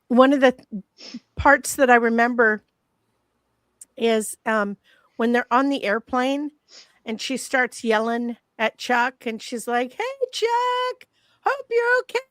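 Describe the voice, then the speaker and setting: A woman in her fifties talks slowly in a gravelly, fairly high voice, recalling old memories in a reflective, easy way. The sound is dry and close, with no room echo. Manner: reflective, warm storytelling with laughs. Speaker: guest, former child actress. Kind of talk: casual panel chat.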